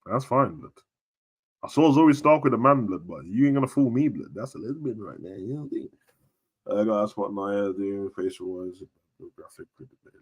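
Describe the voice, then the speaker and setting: A young man chatting casually on a live stream about wrestling, full of slang, jumping between shouting and near-whispers. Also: lowish voice, lively intonation, fairly quick, slightly rough.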